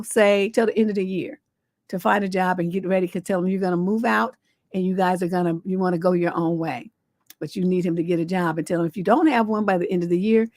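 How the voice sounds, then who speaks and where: A woman's voice: lowish voice, darkish tone, dry recording. A woman hosting a livestream as a relationship coach. She talks in a blunt, sassy way and swears freely. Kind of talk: livestream advice show.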